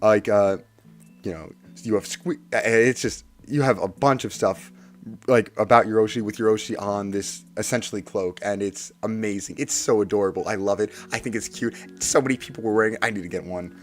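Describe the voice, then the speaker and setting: Excitable streamer guy, fairly low voice, theatrical repeats, faint music bed. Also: fairly quick. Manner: excitable and animated, swinging from hushed to loud bursts; playfully theatrical, repeats lines for effect. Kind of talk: casual storytelling to a live stream.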